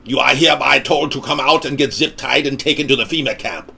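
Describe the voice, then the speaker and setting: A man's voice: medium pitch, a little fast, vocal fry, bright, forceful tone, husky, pitched above the performer's own voice, full character voice. A man putting on the voice of a cold, menacing male robot police officer, speaking in stiff, commanding tones.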